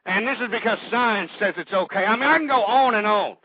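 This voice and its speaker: A man rants on talk radio in a high voice, hostile and swearing as he goes. He sounds a little out of breath. The broadcast is dull and lo-fi, with a dry, close sound. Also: brisk, no echo. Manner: hostile, ranting, swears often. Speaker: radio talk show host. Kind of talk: ranting talk radio monologue.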